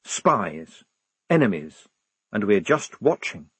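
A man's voice: on the low side, very animated, takes it slowly, fairly bright tone, breathy edge, no echo, full character voice. A man voicing an earnest young woman recruit who speaks deferentially to her officers.

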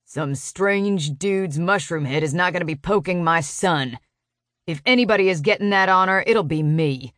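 A woman reading an audiobook, voicing an angry, possessive young man in a low, gruff growl. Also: moderate pace, a bit bright, no room sound, studio quality, close to an everyday voice. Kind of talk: audiobook character voice.

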